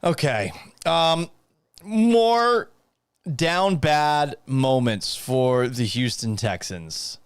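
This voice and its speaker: A man's voice: medium pitch, slow pace, clear, resonant tone. A man hosting a live sports talk stream, talking casually and reading out viewer comments, exasperated and swearing, and mocking himself. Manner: reads viewer comments aloud.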